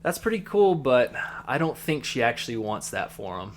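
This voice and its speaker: A man's voice: medium pitch, sing-song, normal speed. A man co-hosting a podcast, recapping an anime episode in a rambling, casual way with lots of fillers. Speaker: podcast co-host.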